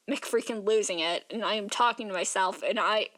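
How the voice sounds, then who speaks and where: The young art vlogger sounds tired as she yawns and chats, her talk rambling and packed with "like" and other fillers. She speaks at a moderate pace in a medium-pitched, slightly bright voice.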